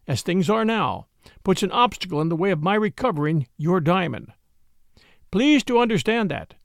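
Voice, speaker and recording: A man voicing a shrewd, calm middle-aged police sergeant in an audiobook, measured and quietly insistent. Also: high-pitched, no echo, studio quality.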